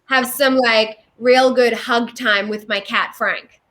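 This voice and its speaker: A woman's voice: fairly high pitch, fairly even intonation, takes it slowly, a bit bright. A woman from Sydney with an Australian accent, a singer-songwriter guest chatting cheerfully on a podcast. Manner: cheerful, chatty, laughs often. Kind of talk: casual interview chat.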